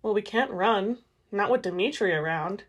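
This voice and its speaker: Grim male vampire, gruff and clipped; a woman reading the part. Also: mid-range voice, moderate pace, close to an everyday voice.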